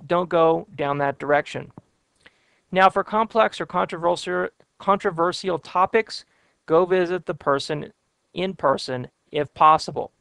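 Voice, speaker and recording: A man teaching workplace communication in a relaxed, conversational lecture, with plenty of fillers and advice. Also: a little high, gravelly, clean tone, no room sound. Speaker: instructor. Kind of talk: soft skills lecture.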